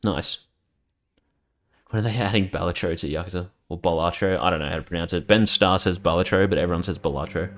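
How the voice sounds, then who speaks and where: A man's voice: sits low, quick pace. A man giving casual gameplay commentary as a streamer, chatting in a rambling, casually profane way.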